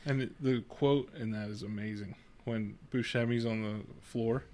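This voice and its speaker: A man's voice: mid-range voice, normal speed. Male podcast co-host, casual, enthusiastic line-quoter. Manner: excitedly quotes favorite movie lines, laughing between them. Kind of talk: casual movie podcast chat.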